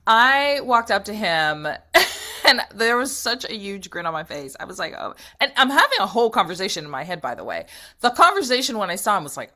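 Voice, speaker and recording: Middle-aged woman guest, animated storyteller, bright and sharp voice, laughs often. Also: on the high side, moderate pace. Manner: lively, laughs often, acts out her own thoughts. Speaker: interview guest, TV writer.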